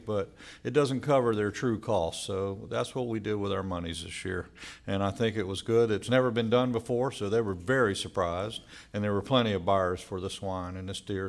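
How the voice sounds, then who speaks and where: A man speaking as a county commissioner at a public meeting, relaxed and folksy. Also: lowish voice, gravelly. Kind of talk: meeting remarks.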